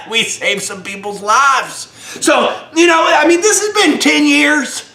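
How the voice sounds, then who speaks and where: A man with a very high, bright voice hollers through a comedic trooper story. His delivery is slow, drawn out and profane. The sound is roomy and echoey. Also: vocal fry. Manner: loud, shouting, profane rants. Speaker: comedic hot sauce reviewer playing a retired state trooper. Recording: roomy echo.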